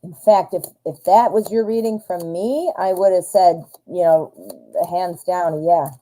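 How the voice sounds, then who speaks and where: A woman's voice: fairly low pitch, a little slow, mellow, slight background noise, low-quality recording. A woman hosting a live tarot stream, reading cards in a chatty, upbeat way and talking straight to her viewers. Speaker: tarot reader, live show host.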